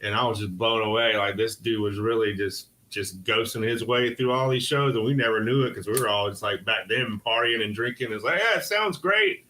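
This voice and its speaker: A man's voice: fairly low pitch, fairly even intonation, fairly quick, hardly any pauses, pushed and bright, rough recording. A man in a band telling loose, profane stories in casual podcast chat. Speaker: band member.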